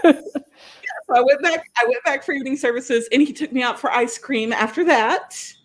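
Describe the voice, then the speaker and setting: Woman telling a lively story. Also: sits high, normal speed, a crowd in the background. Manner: animated, laughing, acts out quoted dialogue. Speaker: podcast co-host. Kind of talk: casual storytelling chat.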